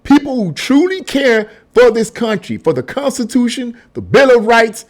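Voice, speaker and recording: A man rants angrily about politics, pressing his points over and over with heated emphasis. His voice sits high and swoops widely up and down as he talks. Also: sing-song, normal speed, a little mellow. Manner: mocking singsong asides. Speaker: commentary channel host. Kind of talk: angry political rant.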